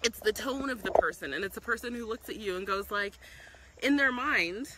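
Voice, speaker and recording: A woman's voice: mid-range voice, lively intonation, moderate pace, heavy background noise. A woman talking passionately on a live stream outdoors, with frequent ums and restarts. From South Africa. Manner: earnest and passionate, with many ums and self-restarts. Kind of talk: casual live-stream commentary. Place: outdoors in a public spot.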